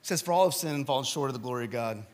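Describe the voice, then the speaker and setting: A male pastor preaching a sermon in a church, telling stories with big swings from shouting to quiet appeals. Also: medium pitch, lively intonation, rapid-fire.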